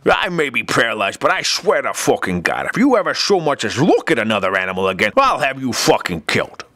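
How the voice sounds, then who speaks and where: A man's voice: medium pitch, huge pitch swings, a little fast, sharp tone, dry recording, studio quality, full character voice. A man voicing an exasperated, foul-mouthed male cartoon therapist with a sarcastic delivery. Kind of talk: cartoon comedy voice acting.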